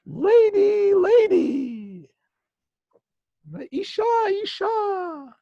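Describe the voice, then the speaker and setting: A small boy hides behind a pillar and speaks as an angel, in a very high, slow and grandly solemn voice. The sound is dull and lo-fi, close and dry, with a gravelly edge. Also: very animated, dark tone, dry recording, exaggerated voice. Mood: solemn commanding. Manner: slow, booming pronouncements.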